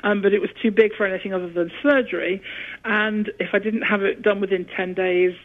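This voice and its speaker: A woman with a British accent, a guest opera singer telling her story in an interview, lively and laughing at times. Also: mid-range voice, fairly quick. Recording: tinny phone line.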